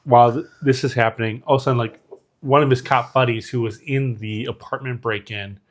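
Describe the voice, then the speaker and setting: This podcast co-host has a medium-pitched voice, a steady tone, and a brisk pace. He recounts a film scene conversationally, peppering it with fillers and lines quoted from the movie.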